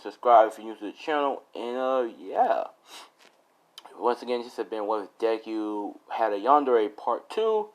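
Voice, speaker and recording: A man's voice: mid-range voice, rough recording. A man narrating a story off the cuff in a loose, rambling way. He leans on fillers and restarts and swears in passing, with his voice sitting in a middle register. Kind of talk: casual spoken fan story.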